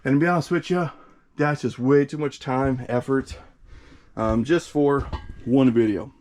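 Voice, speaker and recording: A young man hosts a casual vlog outdoors beside a storage shed, speaking in a medium-pitched voice. He sounds slightly winded from the heat and talks in a chatty, enthusiastic way, full of fillers. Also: steady tone, unhurried, darkish tone. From Midwest US. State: out of breath from the heat. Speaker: fireworks channel host. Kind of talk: casual vlog showing products.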